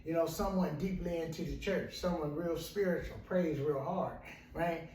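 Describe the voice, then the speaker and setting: A man's voice: fairly high pitch, steady tone, normal speed, mellow. A male counselor telling a story in a rambling, repetitive way, often asking "right?". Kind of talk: storytelling talk. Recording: roomy echo, mic at a distance.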